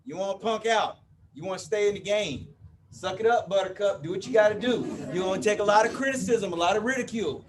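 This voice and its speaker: A fast-talking man of about fifty with a high-sitting voice gives a live motivational talk to an audience in an event room, heard from far off the mic. He's a playful, chatty motivational speaker who banters with the crowd and keeps checking in with lines like "you with me?"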